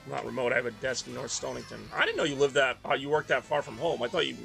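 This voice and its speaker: A man's voice: mid-range voice, expressive, very fast, creaky, a bit bright, soft background music. A young man streaming a racing game, chatting casually and rambling between laps. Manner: rambling, chatty, reads chat aloud. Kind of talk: casual rambling chat while gaming.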